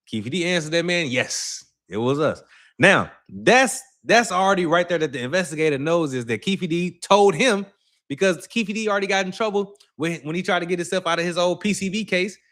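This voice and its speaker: A man's voice: high voice, a bit bright. A man hosting his own channel, telling a story in casual slang and acting out the quotes. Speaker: channel host. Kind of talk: casual commentary to camera.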